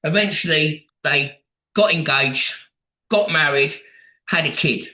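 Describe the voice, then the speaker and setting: A man's voice: fairly high pitch, takes it slowly, pushed and bright, roomy sound, low-quality recording. A man speaking bluntly at a recovery meeting, swearing a lot and acting out the voices of the people he quotes. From England. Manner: blunt and heavily profane, acts out quoted voices.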